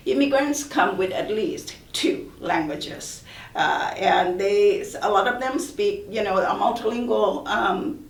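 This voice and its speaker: A woman's voice: medium pitch, takes it slowly, vocal fry. Woman professor on a panel, earnest and emphatic, sounds far away, roomy echo. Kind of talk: panel discussion. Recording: roomy, distant mic.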